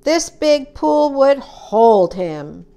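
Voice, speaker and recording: A woman reading a children's story aloud, acting out the characters with high, excited cries. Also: extremely slow, creaky.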